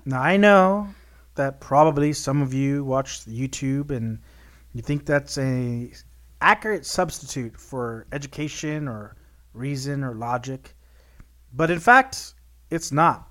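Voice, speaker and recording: A man's voice: medium pitch, takes it slowly, a bit bright. A man co-hosting a podcast, chatting casually in a brash, profane, joking way. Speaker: podcast co-host. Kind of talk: casual chat.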